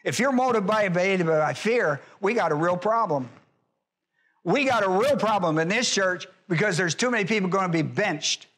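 A man preaching a sermon in church in a folksy way, hollering at times and then dropping low, and acting out quoted voices. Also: expressive, normal speed, a bit bright. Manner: acts out quoted voices in a high pitch. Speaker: pastor.

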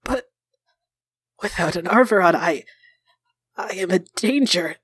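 A woman voicing a badly wounded young male soldier who speaks slowly and haltingly, stammering over his words. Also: fairly low pitch, animated, breathy edge, no echo. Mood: faltering, fearful. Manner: slow halting speech with stammered restarts.

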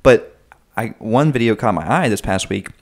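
Low, gravelly-voiced podcast co-host. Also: male voice, lively intonation, normal speed. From North Carolina. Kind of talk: casual conversational podcast chat.

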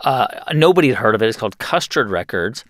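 A man's voice: fairly low pitch, animated, quick pace, a bit bright, no room sound, studio quality. A man hosting an interview, probing and summarizing the guest's story. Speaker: podcast host. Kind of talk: interview conversation.

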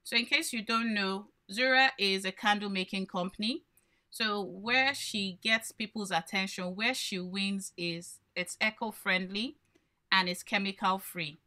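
Woman, branding coach, live workshop, bright clear voice, asks questions then answers them. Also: mid-range voice, unhurried.

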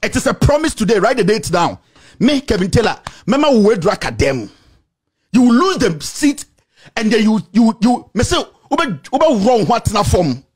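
A man with a Ghanaian accent delivering an angry, insulting rant to the camera, repeating himself and shouting. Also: high-pitched, sing-song, moderate pace, breathy edge. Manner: shouting, insulting, repetitive tirade. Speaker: political commentator.

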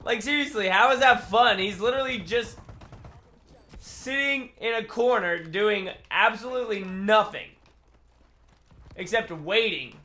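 A young man giving excitable, trash-talking commentary over his own gameplay, often laughing. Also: high voice, a little slow, pauses often. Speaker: gaming YouTuber.

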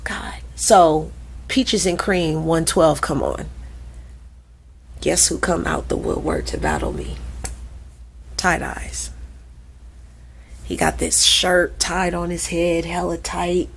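A woman in her forties, a podcast guest who tells stories in a lively, profane way and acts out the voices of people she quotes. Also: fairly low pitch, husky. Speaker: podcast guest, krump dancer. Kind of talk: animated storytelling in conversation.

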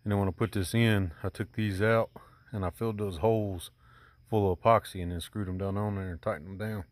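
A middle-aged man with a fairly low, steady voice hosts a DIY video outdoors beside a boat, speaking briskly on a dry recording. He rambles casually through his how-to explanation, thinking aloud about his work with plenty of ums and uhs.

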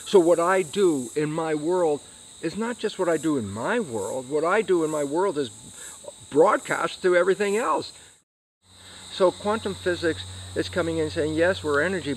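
A man's voice: on the high side, slight background noise, low-quality recording. A man, an interview guest, explaining science and acting out his own questions and answers. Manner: animated, acts out questions and answers to himself.

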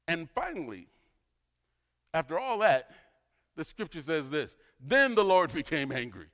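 A pastor delivers a sermon in a high, bright voice, telling the story with animation and acting out the dialogue. His voice rings through a church hall with long reverb. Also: huge pitch swings, a little slow, pauses often. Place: church sanctuary.

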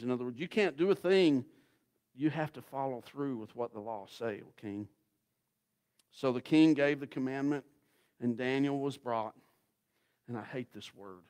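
A man preaching a sermon as guest pastor, telling the story in a folksy, dramatic way that swings from loud to hushed. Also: mid-range voice, moderate pace, pauses often, smooth.

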